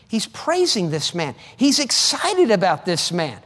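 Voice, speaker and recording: A fervent male preacher whose high voice swoops up and down as he urges his listeners on. He repeats phrases for emphasis, and each line rings out with a long reverb. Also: huge pitch swings, a little slow, fairly bright tone. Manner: fervent, repetitive exhortation. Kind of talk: sermon.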